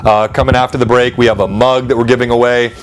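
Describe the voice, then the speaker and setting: A man's voice: mid-range voice, flat delivery, quick pace, slight background noise. A man hosting a streamed tabletop game as game master, emotional and stunned after a character's death.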